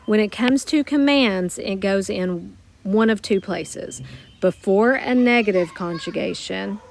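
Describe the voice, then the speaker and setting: A woman teaching a Spanish grammar lesson to her students, explaining step by step and slowing down to model each Spanish word. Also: medium pitch, creaky. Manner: patient, explanatory, slows down to model Spanish words. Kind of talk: recorded classroom grammar lesson.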